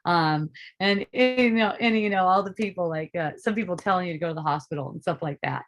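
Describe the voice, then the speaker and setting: A woman's voice: mid-range voice, brisk. A woman hosting a casual live group talk, rambling, swearing freely and breaking into laughter often. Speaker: host of a spiritual dialogue group.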